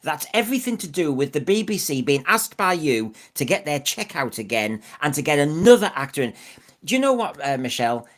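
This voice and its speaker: A man's voice: a little high, sing-song, fairly quick, fairly bright tone. A man co-hosting a podcast, opinionated and fond of rhetorical questions in casual discussion. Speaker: podcast co-host.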